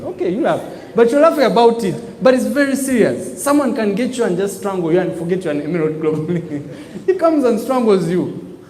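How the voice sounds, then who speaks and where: Before a live audience, a man gives a motivational business talk in a high-sitting voice, emphatic and animated, preaching through call-and-response prompts to drive his points home. The long reverb of a large hall rings around him.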